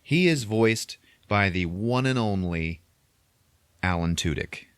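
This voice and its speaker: A man's voice: on the low side, expressive, takes it slowly, clean tone, dry recording. A man hosting a podcast, retelling a movie in a rambling, profane way. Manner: rambling, heavy swearing, acts out scenes. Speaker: podcast host. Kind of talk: casual profane movie recap.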